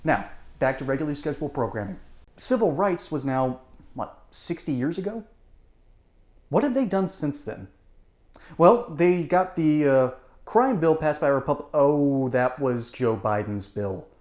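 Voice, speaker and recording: A man giving animated online political commentary, sarcastic and laughing often as he talks. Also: on the high side, moderate pace. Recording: roomy echo.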